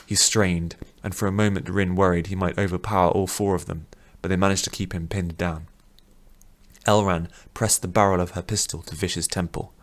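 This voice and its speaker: A man reads a fantasy audiobook in a steady, measured way. His voice sits very low. The delivery is plain storytelling. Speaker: audiobook narrator.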